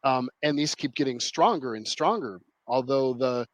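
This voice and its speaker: A man's voice: mid-range voice, normal speed, dry recording, rough recording. A man explaining his ideas as a podcast guest, in a rambling, emphatic way with many restarts. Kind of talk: conversational explanation.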